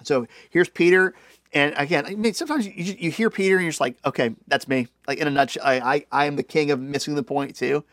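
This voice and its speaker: A man preaching a sermon in a loose, conversational way, swinging between excited bursts and hushed, slower stretches. His voice sits slightly high, and the sound is dry and close. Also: dry recording. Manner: conversational, animated, many "like" fillers. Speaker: pastor.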